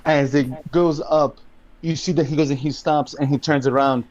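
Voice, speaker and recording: A man's voice: a little high, fairly even intonation, a little mellow, no echo, dull audio. A man narrating a tabletop game as dungeon master, drawing out his dramatic descriptions. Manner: slow, drawn-out dramatic narration with swearing.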